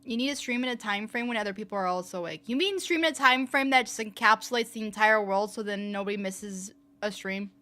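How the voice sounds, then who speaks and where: A young woman with a fairly low voice chatting casually on a livestream, playful and laughing often. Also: fast, few pauses, pushed and bright. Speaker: streamer. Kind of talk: casual livestream chat reading comments.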